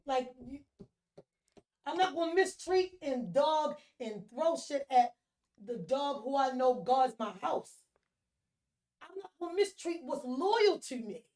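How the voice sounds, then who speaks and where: A woman's voice: high-pitched, lively intonation, slow pace, darkish tone. A woman hosting a casual talk, speaking frankly and conversationally. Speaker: host. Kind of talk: casual chat.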